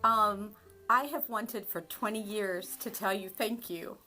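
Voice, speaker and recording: A middle-aged mother speaking emotionally on the phone, halting and full of gratitude. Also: medium pitch, pushed and bright, faint music behind. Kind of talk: heartfelt phone message.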